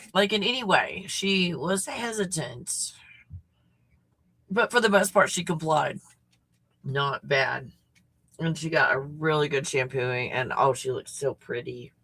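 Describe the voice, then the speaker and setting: A woman's voice: low voice, pushed and bright, slightly rough. A woman hosting a casual livestream chat, snacking, reacting to viewer comments and swearing freely. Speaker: host.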